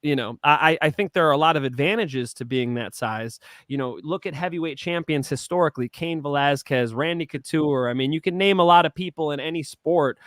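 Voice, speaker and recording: High-voiced animated sports podcast man. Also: brisk, hardly any pauses, no room sound. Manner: animated, swearing, rising emotion. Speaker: co-host of a betting picks show. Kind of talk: casual podcast chat.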